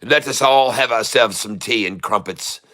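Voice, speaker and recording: A plummy old-fashioned English gentleman, as a man puts him on, all tea-time pomp and genteel airs. The tone is bright and lifted. He drawls with exaggerated refinement. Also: lowish voice, steady tone, a little slow.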